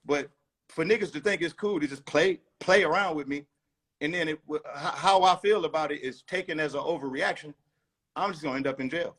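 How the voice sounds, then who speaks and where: A man's voice: on the high side, brisk, fairly bright tone. A man talking as a rapper guest in a casual interview, blunt, emphatic and profane.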